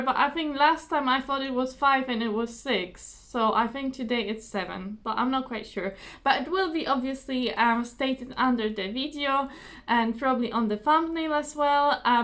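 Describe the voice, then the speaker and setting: A young woman with a high, slightly bright and slightly hoarse voice hosts her own crafting video, chatting casually and apologetically to the camera. She uses many fillers and repeats words.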